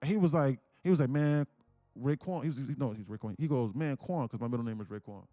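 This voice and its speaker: A young man livestreaming, telling a family story in a blunt, animated rant and saying "bro" constantly. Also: mid-range voice, very fast, dry recording, soft background music. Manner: blunt, repeats "bro" constantly, grows louder and more insistent. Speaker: livestream day trader.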